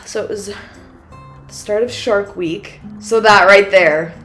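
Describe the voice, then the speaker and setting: A young woman co-hosts a casual podcast and tells her story with animation, acting out both sides of a quarrel. Her pitch sits in a middle range, and faint music plays underneath. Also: takes it slowly. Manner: animated storyteller, acts out quoted exchanges with many "like"s. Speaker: podcast co-host.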